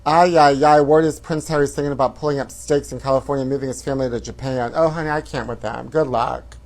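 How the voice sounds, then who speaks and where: Brief: male gossip host, campy and theatrical, middle-pitched voice, dishes tabloid news with sass. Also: fairly even intonation, quick pace, a little mellow. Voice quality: flamboyant, theatrical, calls viewers honey. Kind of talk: campy celebrity gossip commentary.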